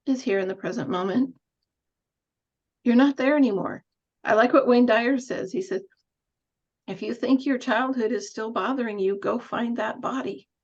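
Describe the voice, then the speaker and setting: A woman's voice: mid-range voice, highs cut off. A woman nurse coach giving a thoughtful, musing talk on coaching, with an occasional light laugh.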